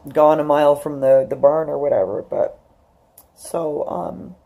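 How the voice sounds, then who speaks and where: A woman in her fifties with a low, gravelly voice and a warm, mellow tone. She talks to her viewers in a personal vlog, tearful and rambling, full of fillers and restarts. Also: a little slow. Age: 50s. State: crying. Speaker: YouTuber.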